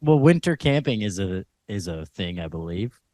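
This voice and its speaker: A man's voice: low voice, sing-song, moderate pace, darkish tone, dry recording, clean studio sound. Laid-back laughing male podcast co-host. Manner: laid-back, laughs often, trails off with fillers. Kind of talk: casual chat.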